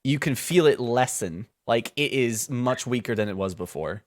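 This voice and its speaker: A man narrating a tabletop role-playing game as game master, animated and quick to laugh. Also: mid-range voice, no room sound, studio quality.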